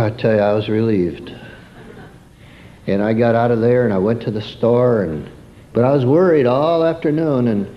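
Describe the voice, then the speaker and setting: A man's voice: medium pitch, highs cut off. A man preaching a sermon through a homespun childhood story, turning to ask his listeners questions.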